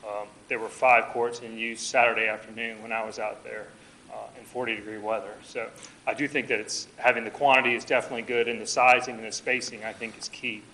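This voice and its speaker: A man giving public comment at a council meeting, making a measured, reasoned argument. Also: on the low side, little pitch movement, pushed and bright, a little hiss or hum, rough recording. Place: council chamber.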